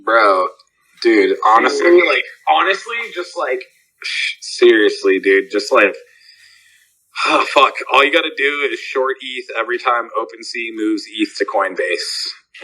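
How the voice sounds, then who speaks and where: Host of a live voice chat, male, very bright tone, slangy and profane, yelps into high voices to act out quotes. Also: poor audio. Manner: slangy, swearing, acts out loud high-pitched quotes in stories. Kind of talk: casual group voice chat.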